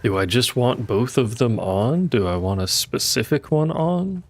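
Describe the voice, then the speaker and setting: A man's voice: mid-range voice, animated, unhurried. A man streaming a video game, chatting casually with his viewers and muttering to himself as he plays. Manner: casual, swears now and then. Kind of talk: live gameplay commentary.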